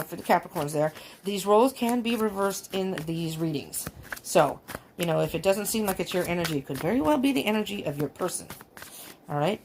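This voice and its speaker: A woman from California giving a casual, rambling tarot reading from an upstairs room at home. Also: medium pitch. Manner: rambling, chatty, laughs often. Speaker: tarot reader. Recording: faint fan noise at home. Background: faint fan noise.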